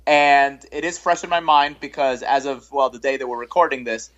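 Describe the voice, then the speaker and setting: A man's voice: medium pitch, normal speed, a bit bright, dull audio. A man co-hosting a podcast in casual chat, eager and agreeable, often repeating himself. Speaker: podcast co-host.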